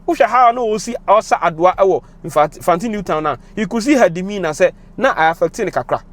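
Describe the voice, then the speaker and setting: A young Ghanaian man with a high voice and Ghanaian accent talks fast, delivering emotional, impassioned commentary to camera that switches between English and Twi.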